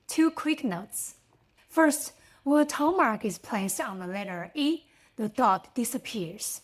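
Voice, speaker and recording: A woman whose first language is Mandarin, teaching pronunciation in a scripted lesson. She speaks English with small grammar slips and says each example sound twice, slowly and clearly. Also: a little high. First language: Mandarin Chinese.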